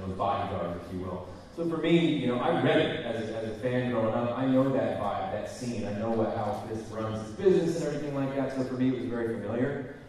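Male panelist, low and relaxed, heard far off in a reverberant hall. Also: slight background noise. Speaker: panel guest actor. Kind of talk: casual convention panel talk. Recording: echoey hall, mic from far off.

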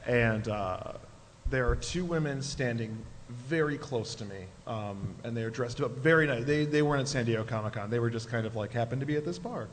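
Giggly man telling a halting story. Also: mid-range voice. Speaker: panelist. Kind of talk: casual anecdote on a convention panel. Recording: hall reverb, faint noise.

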